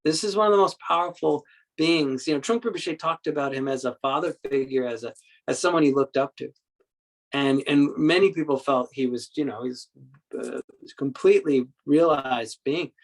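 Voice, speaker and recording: A man giving a Buddhist dharma talk as a meditation teacher, telling stories in a halting way with many repeated words and acting out quoted speech. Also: on the high side, low-quality recording. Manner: acts out quoted speech in the story.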